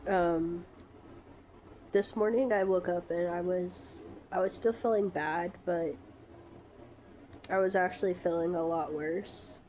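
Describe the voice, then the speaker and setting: A woman records a casual vlog update from her bedroom while sick, her voice thick and congested from a cold. She speaks very slowly, pausing on frequent ums, in a low, mellow tone. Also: fairly even intonation, slight background noise. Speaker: vlogger.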